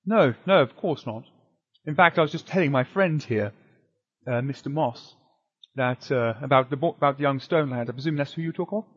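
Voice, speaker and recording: A humble village storekeeper bows and greets his customers with courteous eagerness, as a man puts him on during a tabletop game. The voice is husky, and the recording is dull and lo-fi. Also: mid-range voice, moderate pace, in a large hall, natural voice.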